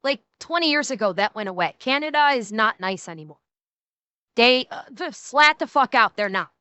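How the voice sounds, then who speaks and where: A woman's voice: fairly high pitch, expressive, moderate pace, bright, forceful tone, clean tone, no echo. A woman co-hosting a reaction stream in casual chat, blunt and profane, often restarting her sentences.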